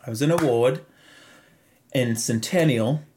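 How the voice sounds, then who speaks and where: A man's voice: medium pitch, a little slow. A young man from Zimbabwe with a Zimbabwean accent, telling a story as a podcast guest in casual chat and often breaking into laughter. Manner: animated, laughs often, puts on voices for quoted people.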